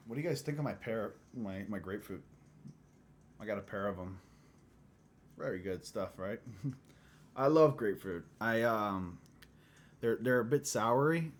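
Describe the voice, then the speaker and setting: A man's voice: on the low side, slight background noise. A man hosting a casual livestream chat, rambling with lots of filler words and chuckling often. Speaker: livestream host.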